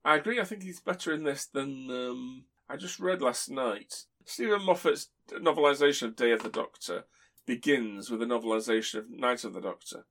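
Podcast host, chatty storyteller, mid pitch, chuckles a lot. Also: male voice, normal speed, a bit bright. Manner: rambling, chuckles while telling stories. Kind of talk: casual chat.

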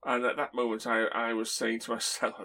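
Podcast host, chatty storyteller, mid pitch, chuckles a lot. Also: male voice, monotone, brisk, bright, forceful tone. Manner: rambling, chuckles while telling stories. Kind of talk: casual chat.

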